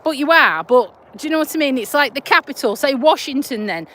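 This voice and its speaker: Woman, Yorkshire-Lincolnshire accent, blunt and chatty, slightly high voice, outdoor phone live stream. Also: expressive, fairly quick, a bit bright. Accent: Yorkshire-Lincolnshire English. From Lincolnshire, England. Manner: chatty, laughing, broad and blunt. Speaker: vlogger, nurse. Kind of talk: casual live chat while walking a dog. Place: outdoors on a country walk.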